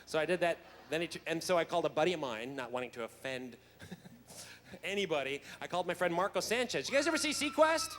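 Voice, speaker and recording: High voiced guy rambling a funny story to fans, laughing a lot, echoey convention hall w faint hiss. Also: fast talker. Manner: animated, laughing, chatty with restarts. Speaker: convention guest actor. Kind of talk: storytelling to a fan audience.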